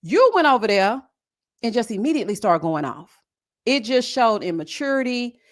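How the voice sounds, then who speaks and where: Sassy woman, fairly high voice, casual commentary, animated, calls everyone honey. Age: adult with a son. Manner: sassy and animated, mocking impressions, frequent "honey". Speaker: live-stream reality show commentator. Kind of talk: casual chat reacting to a reality show.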